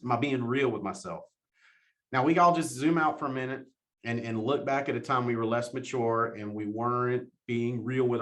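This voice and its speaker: Animated man giving a motivational talk. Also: mid-range voice. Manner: animated, laughs often, repeats questions for emphasis. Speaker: motivational speaker.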